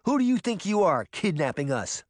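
A man's voice: high voice, big pitch swings, moderate pace, dry recording, clean studio sound, voice pushed up. A man doing a stubborn, defiant eleven-year-old girl. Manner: insistent, pleading.

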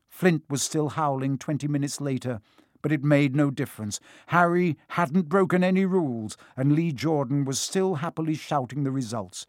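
A man's voice: on the high side, moderate pace, no room sound, clean studio sound. Man reading a storybook aloud. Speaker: audiobook reader. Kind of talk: storybook narration.

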